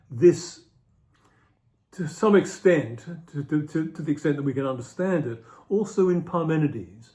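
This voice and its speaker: A man's voice: fairly high pitch, a little mellow. Man lecturing on ideas, thinking aloud. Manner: thinks aloud, repeats phrases for emphasis. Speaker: philosophy lecturer. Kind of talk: unscripted explanatory lecture.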